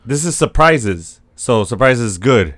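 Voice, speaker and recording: A man co-hosting a podcast, chatting casually and loosely with frequent swearing and quick asides. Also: mid-range voice, animated, a bit bright, no echo, studio quality. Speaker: podcast co-host. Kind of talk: casual chat.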